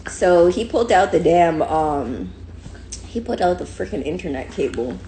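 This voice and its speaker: A woman's voice: fairly low pitch, lively intonation, normal speed, warm tone, slight background noise. A young woman with a New York accent on a casual phone livestream at home, switching between slangy chat with viewers and playful baby talk to her puppy. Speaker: social media personality. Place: home, indoors.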